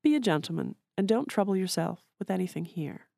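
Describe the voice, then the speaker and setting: A woman's voice: medium pitch, animated, a little fast, vocal fry, mellow, no room sound, studio quality. A woman voicing a poised, manipulative wife at a party, speaking in a soothing, controlled way. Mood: smooth insistence.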